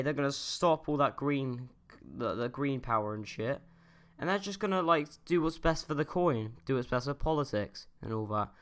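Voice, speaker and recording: A man's voice: mid-range voice, fairly bright tone. A young man from the UK giving a casual opinion rant as a YouTuber, rambling and swearing, with lots of fillers and restarts. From United Kingdom.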